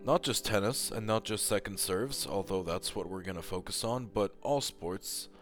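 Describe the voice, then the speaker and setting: A man's voice: on the low side, moderate pace, faint music behind. A man giving a casual, heated rant with lots of swearing and emphatic repetition, as a tennis commentator.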